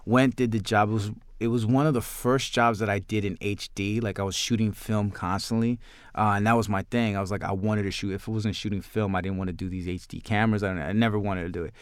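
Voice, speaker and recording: A man, a filmmaker guest in an interview, telling his story in a rambling, animated way with many restarts. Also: fairly low pitch, quick pace, clear, resonant tone, no echo. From New York.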